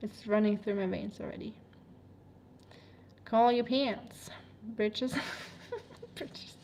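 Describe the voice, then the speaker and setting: A native German speaker with a German accent chats casually on a livestream while reading her chat, rambling with lots of fillers and frequent laughter. Her mid-range voice is slow and dark-toned, with a little hiss or hum.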